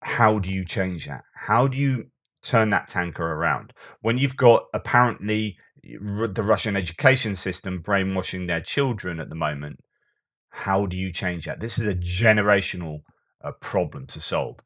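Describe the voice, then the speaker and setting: Low-voiced man giving war commentary. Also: normal speed. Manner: sarcastic, animated asides with many restarts. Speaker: news commentator. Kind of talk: solo commentary.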